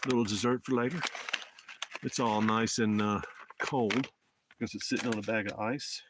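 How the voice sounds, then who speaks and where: A man's voice: fairly low pitch, fairly even intonation, moderate pace, background noise. Rambling Southern man on a live stream. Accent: Southern US, Alabama. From Alabama. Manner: rambling, folksy, talks to viewers in chat. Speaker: motorcycle travel vlogger. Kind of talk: casual live-stream chat. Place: outdoors in the mountains. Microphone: phone.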